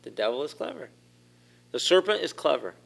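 A man's voice: on the high side, big pitch swings, fairly quick, creaky. A man preaching a conversational sermon, asking the congregation questions as he goes. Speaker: pastor.

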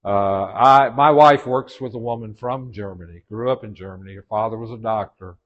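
A man's voice: on the low side, normal speed, lo-fi sound. A man with a Southern US accent teaching a church leadership class in a folksy way, with joking asides and frequent restarts. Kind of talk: informal church class lecture.

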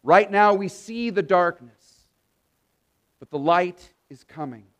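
A man's voice: sits high, expressive, takes it slowly, a bit bright. A male pastor preaching an earnest sermon, reading verses and rising to emphatic proclamation when quoting scripture and promises. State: tired.

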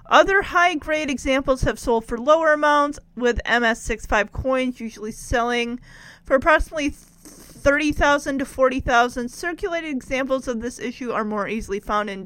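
A woman's voice: high-pitched, fairly bright tone, dry recording. A woman chatting casually as she recaps an old TV episode and talks back to its characters. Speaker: show recapper.

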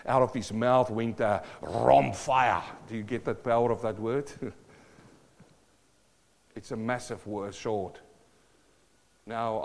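Preaching man in an echoing hall. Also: on the low side. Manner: animated preaching, repeats phrases, laughs between points. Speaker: pastor. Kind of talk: sermon. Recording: long hall reverb.

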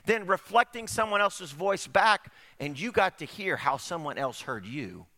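A middle-aged man delivers a sermon in a bright, high voice. He talks to the congregation in a conversational way and asks them rhetorical questions. His pitch swings widely as he speaks. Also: sing-song, unhurried. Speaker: pastor.

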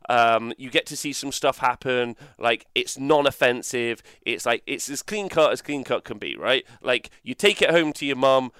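A man's voice: medium pitch, lively intonation, moderate pace, hardly any pauses, a bit bright, clear, resonant tone, no echo. A man hosting a podcast, chatting casually, who rambles, swears and keeps tagging his points with "right?" and "like". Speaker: podcast host. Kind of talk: casual chat.

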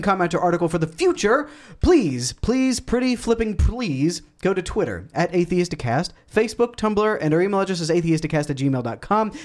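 A man hosting a podcast, with a wry, deadpan, teasing way of talking. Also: fairly high pitch. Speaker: podcast host. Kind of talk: casual podcast chat.

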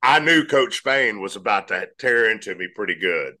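A man telling his life story in a measured, earnest way as an interview guest. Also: lowish voice, expressive, bright, forceful tone.

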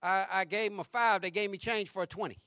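A man voicing a churchgoer who brags that he was blessed, in a low, offhand tone. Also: fairly even intonation, fast, sharp tone. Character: male churchgoer boasting of a blessing.

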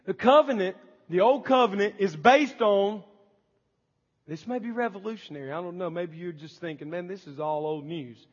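Impassioned high-voiced preacher in a hall. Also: male voice, normal speed, muffled recording. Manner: impassioned preaching, acting out pleading prayers. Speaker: pastor. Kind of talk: sermon. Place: church sanctuary.

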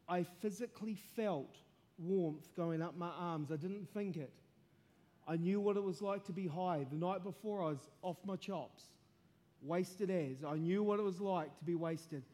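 A man preaching a testimony sermon, telling his story earnestly and building to impassioned shouting. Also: fairly high pitch.

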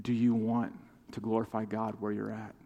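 A man's voice: lowish voice, monotone, normal speed, gravelly, dark tone, dull audio. A man delivers a heartfelt sermon, his voice carrying with a long echo through a large church hall. He preaches with passion, rising and falling as he calls his listeners to answer back. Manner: impassioned preaching with call-and-response. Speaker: pastor. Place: church sanctuary.

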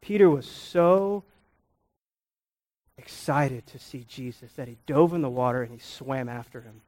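A male pastor preaching a sermon in a church, swinging between loud emphasis and near-quiet and often repeating his words. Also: mid-range voice, expressive, unhurried.

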